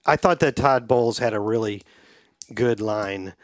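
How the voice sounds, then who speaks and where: A middle-aged man co-hosting a podcast, telling stories in a relaxed, chatty way. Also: lowish voice, a little slow, dry recording, lo-fi sound. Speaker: podcast co-host. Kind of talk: casual chat.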